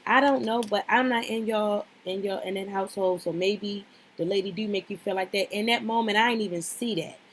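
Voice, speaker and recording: A woman's voice: mid-range voice, brisk, slight background noise. A woman giving casual, opinionated commentary as a vlogger, blunt and swearing freely, talking straight at the people she discusses and repeating herself for emphasis. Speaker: reality show recap vlogger.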